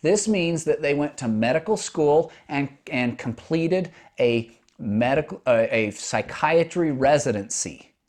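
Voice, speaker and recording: A man's voice: fairly high pitch, animated, unhurried, a little mellow. A man hosting a podcast, a doctor explaining things step by step in a conversational monologue with frequent restarts.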